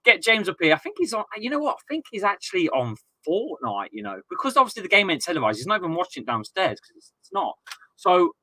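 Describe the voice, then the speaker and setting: Animated ranting man on a stream. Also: high-pitched, fast, no echo. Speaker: football watchalong streamer. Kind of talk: casual live-stream chat.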